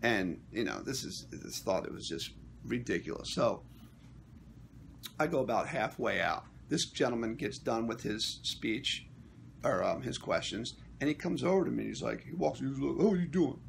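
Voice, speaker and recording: Man, gravelly voice, animated storytelling, casual vlog recap, lively pitch. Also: normal speed, a little hiss or hum. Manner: animated storytelling, acting out quotes. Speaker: actor and union member.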